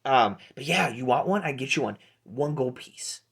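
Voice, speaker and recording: A man voicing a shifty, fast-talking male halfling who peddles dubious goods with wheedling sales patter. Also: medium pitch, lively intonation, creaky, breathy edge, heavily acted.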